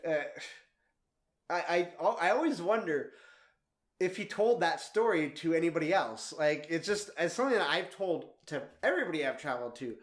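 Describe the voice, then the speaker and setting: A young man in his twenties telling a travel story in a vlog, animated and laughing often as he talks. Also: high-pitched, normal speed, roomy sound. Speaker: travel vlogger.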